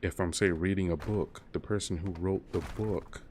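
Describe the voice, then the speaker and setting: A man's voice: low-pitched, fairly even intonation, normal speed, darkish tone, a little hiss or hum. A man in his thirties chatting casually while gaming on a stream, rambling and laid-back. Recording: keyboard clicks and typing behind.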